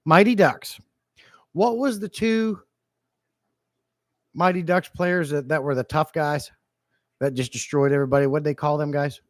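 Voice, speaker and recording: A man's voice: fairly high pitch, unhurried, pauses often, no room sound. Playful rambling male livestreamer, dry sound. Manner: playful, rambling, jokey with chat. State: a bit low-energy. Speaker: fish-keeping livestreamer. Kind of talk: casual livestream chat reading comments. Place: home fish room.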